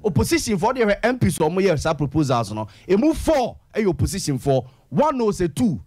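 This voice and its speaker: Lively Ghanaian man explaining on air. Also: high voice, a little fast. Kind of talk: radio discussion.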